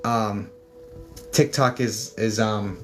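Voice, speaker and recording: A man's voice: lowish voice, steady tone, slow pace, a bit bright, faint music behind. Chatty man giving a livestream reading. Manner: chatty, filler-heavy, calls people darling. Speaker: psychic medium.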